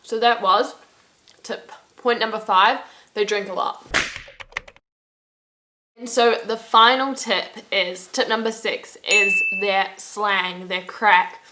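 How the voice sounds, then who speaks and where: A woman's voice: medium pitch, steady tone, slow, pauses often, background noise. A young woman chatting casually to camera for her travel vlog. She is upbeat and fills her talk with "like". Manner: chatty, peppered with "like"; upbeat, laughs at her own stories. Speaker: travel vlogger.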